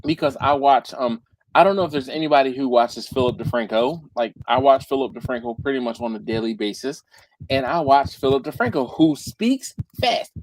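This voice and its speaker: A man's voice: medium pitch, fairly quick, slight background noise, rough recording. A man hosting a casual live chat, rambling and stumbling over repeated words, acting out quotes with jumps in his voice. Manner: acts out quotes with big jumps in voice. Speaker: livestream host.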